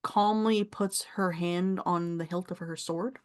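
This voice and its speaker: A woman's voice: lowish voice, steady tone, unhurried. A woman running a tabletop role-playing game, narrating the scene in a chatty way and laughing often. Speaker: game master.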